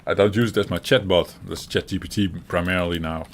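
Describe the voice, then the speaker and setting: A man with a Dutch accent talks in an easygoing, rambling way, chuckling often, restarting his sentences and swearing now and then. His voice sits a little low. Keyboard typing and steady noise run beneath the recording. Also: a little fast. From Netherlands. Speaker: co-host of a gaming chat show. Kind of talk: casual chat. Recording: audible typing and background noise.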